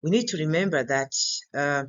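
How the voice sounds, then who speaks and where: A man with a fairly high, animated voice teaches an English grammar and pronunciation lesson, slow and deliberate. He repeats each word many times to model its stress, in a slightly dull lo-fi recording.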